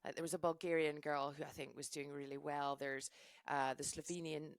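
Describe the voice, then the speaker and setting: A middle-aged woman, a ski mountaineering race commentator, chatting as a podcast guest in a gushing, animated way with many restarts. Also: low-pitched, a little fast, dry recording. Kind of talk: casual podcast chat.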